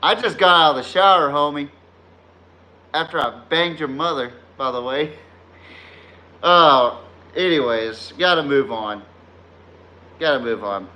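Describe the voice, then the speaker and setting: A man hosts a live sports podcast in a heated, profane rant. He trash-talks viewers in the chat, chuckling at his own insults. His voice is high and bright, rising and falling a lot while the overall pace stays unhurried. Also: lively intonation. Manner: laughs at his own jabs. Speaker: podcast host.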